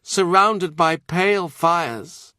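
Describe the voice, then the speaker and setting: A man's voice: sits high, takes it slowly, bright, forceful tone, clear, resonant tone, no room sound, studio quality, pitched above the performer's own voice, heavily acted. A man voicing a fervent young nun who speaks solemn prophecies of doom in an audiobook. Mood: prophetic.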